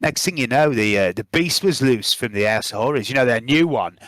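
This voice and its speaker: A man's voice: medium pitch, expressive, a little fast, fairly bright tone, dry recording, close to an everyday voice. A man voicing a spaced-out, drug-using male carnival worker who rambles and swears in a wobbly Birmingham accent. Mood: rambling.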